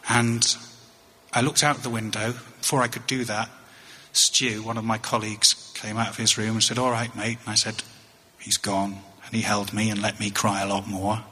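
A middle-aged English man telling a wry story on stage as a touring comedian, halting and often repeating his words. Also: on the low side, pushed and bright. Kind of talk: storytelling stand-up. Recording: echoey hall.

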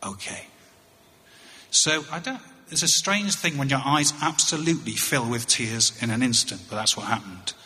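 A middle-aged English man telling a wry story on stage as a touring comedian, halting and often repeating his words. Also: mid-range voice, bright, forceful tone. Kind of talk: storytelling stand-up. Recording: echoey hall.

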